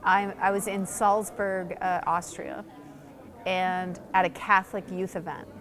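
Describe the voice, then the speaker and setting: A woman pastor telling a story in conversation, animated and excited, acting out quoted lines, with frequent "like" fillers. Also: fairly low pitch, unhurried. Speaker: pastor and church planter.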